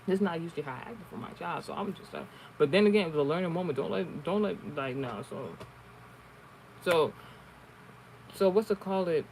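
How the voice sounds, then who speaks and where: Man streamer, fairly high voice, casual rambling storytelling, heavy swearing, faint background noise. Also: animated, brisk, pauses often, darkish tone, low-quality recording. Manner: rambling, profane, many restarts. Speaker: online streamer. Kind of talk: casual storytelling and card reading.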